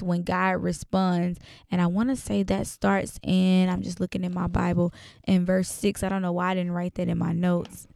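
Casual woman Bible teacher, gravelly yet smooth voice, chatty delivery. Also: fairly low pitch, no echo, studio quality. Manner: conversational, many fillers, reads scripture aloud.

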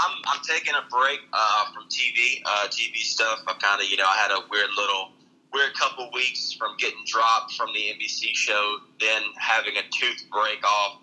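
A man's voice: lowish voice, poor audio. A young man with a Southern accent, a comedian chatting casually on a podcast, telling rambling, profane stories. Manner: rambling, profane, animated storytelling. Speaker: comedian guest.

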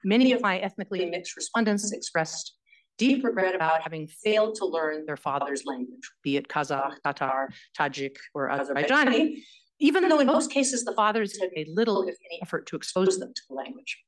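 A female history professor gives an academic lecture in a measured way, with frequent fillers and self-corrections. Her voice is fairly low in pitch, and the recording quality is low.

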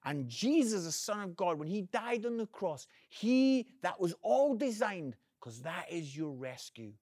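Speaking at a measured pace in a voice that sits high, this evangelist delivers an earnest inspirational video message and addresses the listener as "friend." His energy swings from loud emphasis to quiet, captured in a dry, clean studio recording.

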